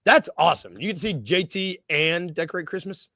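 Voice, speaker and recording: High, bright-voiced man rambling on a podcast. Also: lively intonation, creaky, no room sound. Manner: rambling, self-deprecating, quick jokes. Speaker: podcast co-host. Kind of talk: casual sports podcast chat.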